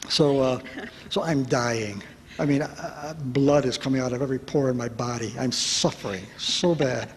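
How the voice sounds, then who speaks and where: A man telling a personal story to an audience at a retreat, lively and self-mocking, acting out the voices of the people in it. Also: mid-range voice, moderate pace. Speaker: speaker at a retreat. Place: large hall at a retreat. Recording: reverberant hall with faint background noise.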